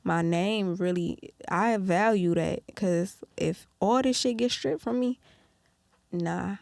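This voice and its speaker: A young woman with a Detroit accent, chatting as an interview guest, animated and quick to laugh as she acts out what people say. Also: medium pitch, gravelly, dry recording, studio quality. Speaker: guest musician. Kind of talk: casual interview chat.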